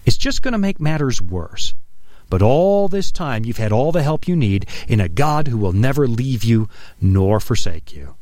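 A man preaching an earnest radio sermon, dropping his voice low for quoted scripture. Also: darkish tone, no echo. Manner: earnest, emphatic, drops low for quoted lines. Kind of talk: broadcast sermon.

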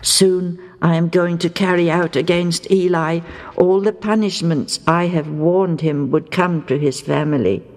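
A woman voicing God in a storybook, giving grave, measured pronouncements. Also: low-pitched, a little mellow, big-room sound. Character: the Lord God, solemn and stern.

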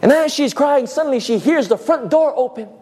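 High-voiced emphatic male preacher. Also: expressive, mellow. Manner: emphatic preaching, dramatic pauses, acts out quoted voices. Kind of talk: sermon.

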